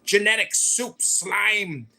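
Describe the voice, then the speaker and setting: A man's voice: sits high, takes it slowly, gravelly, pushed and bright. Brash, profane American man. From United States. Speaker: political candidate hosting a live audio chat. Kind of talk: heated casual chat.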